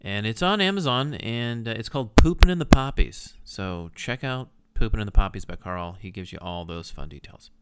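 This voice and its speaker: A man's voice: lowish voice, animated, normal speed, hardly any pauses. A man co-hosting a podcast in casual, teasing chat. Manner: teasing, joking. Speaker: podcast co-host.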